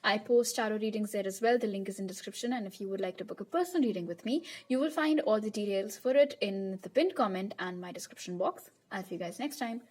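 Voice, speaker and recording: A woman's voice: mid-range voice, fast talker, few pauses, darkish tone. A young woman giving a pick-a-card tarot reading to her viewers in a chatty, reassuring way. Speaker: tarot reader.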